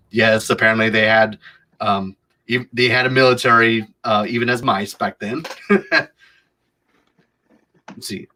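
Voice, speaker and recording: Podcast co-host, male, bright forceful tone, nervous reader with lots of restarts. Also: lowish voice, fairly even intonation, a little slow, pauses often, rough recording. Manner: stumbling with many restarts, nervous. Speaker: podcast co-host reading the synopsis. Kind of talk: casual chat, reading a plot summary aloud.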